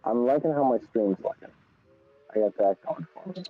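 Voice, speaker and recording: A man's voice: medium pitch, animated, normal speed. A man chatting casually over the phone on a stream, rambling and easygoing. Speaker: stream co-host. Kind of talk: casual chat. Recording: tinny dry phone line.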